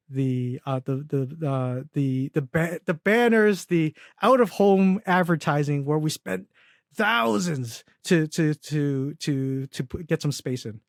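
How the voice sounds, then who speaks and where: A man's voice: a little high, no echo, studio quality. A young man talking casually as a podcast guest, rambling with lots of fillers and restarts and laughing at his own stories. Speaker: podcast guest, agency founder. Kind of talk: casual interview chat.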